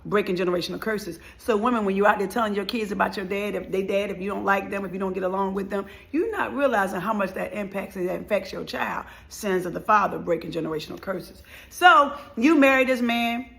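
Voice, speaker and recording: A middle-aged woman from tells her own life story as a motivational speaker, and her voice has a gravelly, creaky edge. She talks with a lot of feeling and acts out the people she quotes along the way. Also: medium pitch, fairly quick, hardly any pauses, fairly bright tone. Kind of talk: personal storytelling monologue.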